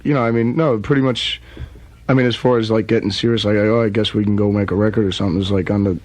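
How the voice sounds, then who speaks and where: A man's voice: lowish voice, steady tone, fast talker, darkish tone, no echo, poor audio. A man from New Jersey with a Southern-tinged accent, talking as a guest in a casual radio interview in a laid-back, rambling way. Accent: Southern-tinged American. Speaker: guest rock musician. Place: radio studio.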